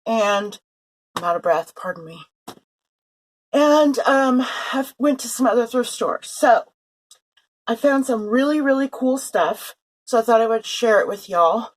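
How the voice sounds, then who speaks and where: A woman chats through a thrift haul in a loose, rambling way, full of fillers and quick self-corrections. She is recorded indoors at her sewing table on a home camera. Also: fairly high pitch, expressive, poor audio. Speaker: vlogger showing a thrift haul. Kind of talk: casual haul vlog chat. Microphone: handheld or table camera.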